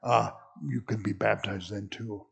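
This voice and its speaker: Slow, gravelly-voiced man lecturing. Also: on the low side, little pitch movement, fairly bright tone. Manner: conversational, many fillers and restarts. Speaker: church history teacher. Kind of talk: classroom lecture.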